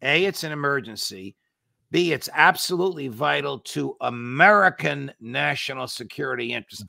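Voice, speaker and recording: Gravelly, forceful man arguing law. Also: on the high side, no echo, studio quality. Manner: indignant, lawyerly, argues point by point. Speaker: guest commentator addressed as judge. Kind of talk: political interview talk.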